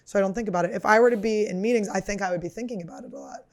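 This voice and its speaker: A comedian in her thirties hosts her podcast with a rambling, profane monologue, making fun of herself and using lots of fillers in a casual confessional style. Her voice is medium in pitch, and she talks at a racing speed.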